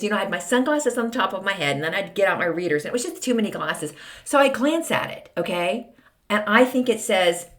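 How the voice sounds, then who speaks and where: A middle-aged woman with an American accent talks alone into the mic in a casual, snarky monologue. Her pitch leaps and dips as she acts out little scenes, and her voice sits in a middle register for a woman. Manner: snarky, exaggerated storytelling with dramatic voices. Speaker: podcast host. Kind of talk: casual solo podcast monologue.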